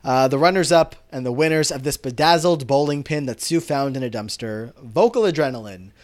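A man's voice: medium pitch, brisk. A man co-hosting a podcast, casually recapping a TV episode and quoting the characters as he tells it. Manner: storytelling recap that quotes characters.

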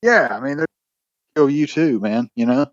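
A man's voice: medium pitch, animated, normal speed, no room sound, highs cut off. A man co-hosting a podcast, telling a long story in a rambling, casual way with lots of swearing and restarts. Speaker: podcast co-host.

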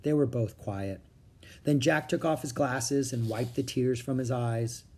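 A reader narrating a children's chapter book aloud in a calm, steady storytelling manner. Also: mid-range voice, measured pace, breathy edge.

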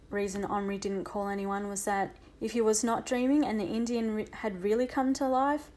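A woman narrating a children's audiobook with a lively, expressive reading. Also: on the high side.

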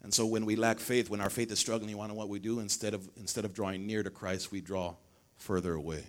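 A male pastor preaching a sermon in church, swinging between shouted climaxes and low storytelling, calling on the congregation to respond. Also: level tone, fast talker. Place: church sanctuary.

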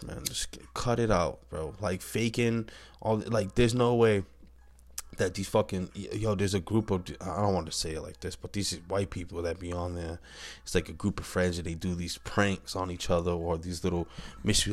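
A man with a very low, deep voice rants straight to camera. He talks bluntly and heatedly, cursing often, stumbling into restarts and tagging lines with "man" and "bro". His delivery is loose and unscripted. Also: steady tone, moderate pace. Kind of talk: profane casual rant.

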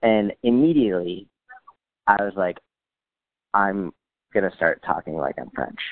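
Speaking a little slowly in a low-pitched voice, a man comes through on a dry, phone-style recording. As a guest in a relaxed chat, he tells comic stories with understated humor, bringing quoted lines to life with lively voices.

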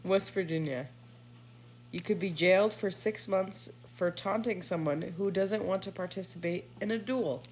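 A woman's voice: mid-range voice, moderate pace, darkish tone, slight background noise. A woman co-hosting a podcast, reading items aloud in a casual chat and laughing along with her co-hosts. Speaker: podcast co-host presenting the segment.

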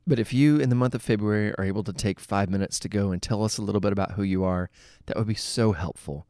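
A man's voice: fairly low pitch, fast talker, dry recording. A man hosting a podcast, talking in a chatty, easygoing way with fillers in a studio. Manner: warm, chatty, filler words. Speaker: podcast host. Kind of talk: scripted podcast intro and casual interview. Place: recording studio.

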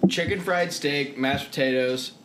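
A man's voice: a little high, a little slow. A man chatting casually as a guest, blunt and joking with some swearing. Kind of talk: casual chat. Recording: echoey room with loud noise.

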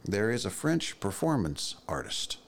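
A man's voice: lowish voice, very animated, unhurried, creaky, a little hiss or hum. A man co-hosting a podcast in casual chat, telling stories with dry, wry asides. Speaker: podcast co-host.

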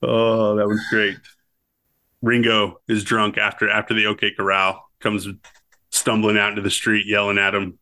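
A man's voice: lowish voice, completely flat delivery, normal speed, pushed and bright. A man co-hosting a casual movie podcast, recounting scenes and cracking up as he goes. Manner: cracks up while recounting quotes. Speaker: podcast co-host.

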